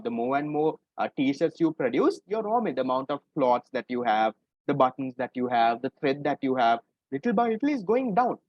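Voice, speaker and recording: A man's voice: a little high, dry recording. A man teaching economics in an online exam-paper class. He explains step by step and keeps checking in with "right?". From Sri Lanka. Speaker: economics tutor. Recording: dull lo-fi recording.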